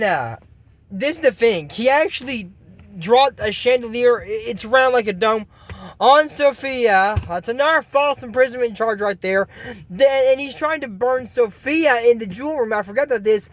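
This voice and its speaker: A man casually recapping a cartoon episode, rambling with many fillers and joking asides. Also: very high-pitched. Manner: rambling, filler-heavy, excitable, jokey asides. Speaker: YouTube cartoon commentator.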